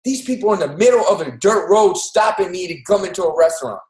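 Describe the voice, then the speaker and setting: A man's voice: high voice, animated, quick pace, darkish tone, reverberant, low-quality recording. A man co-hosting a live motivational show on a video call, preaching to listeners and urging them again and again to think about it. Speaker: physical therapist. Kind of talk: motivational talk.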